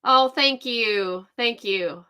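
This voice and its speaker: A middle-aged woman hosting a livestream, chatting excitedly and greeting viewers by name. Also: a little high, takes it slowly, smooth. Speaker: livestream host. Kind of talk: casual livestream chat.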